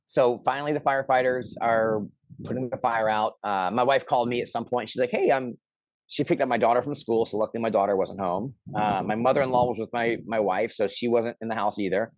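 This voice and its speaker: Middle-aged male storyteller, animated, mid pitch, dry booth sound. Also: a little fast, no room sound. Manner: animated, acts out quoted lines loudly. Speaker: interview guest. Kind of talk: casual storytelling.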